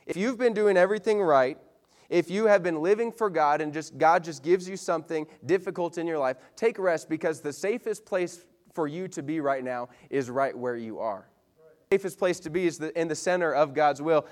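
A young man preaching a casual, animated sermon to a youth group, acting out quotes as he tells the story. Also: fairly high pitch, normal speed. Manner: animated storytelling with voiced quotes, then playful banter. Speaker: youth pastor.

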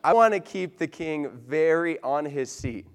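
A young man preaching a casual, animated sermon to a youth group, acting out quotes as he tells the story. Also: fairly high pitch, a little slow. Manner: animated storytelling with voiced quotes, then playful banter. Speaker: youth pastor.

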